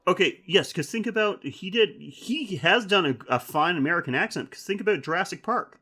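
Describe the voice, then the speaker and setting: A man's voice: sits high, animated, brisk, bright, forceful tone. A man co-hosting a horror film podcast in casual chat, rambling, swearing and laughing often. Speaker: podcast co-host.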